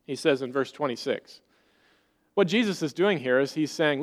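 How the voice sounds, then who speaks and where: Male pastor, high voice, earnest conversational sermon delivery, rhetorical questions to the congregation. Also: expressive, normal speed.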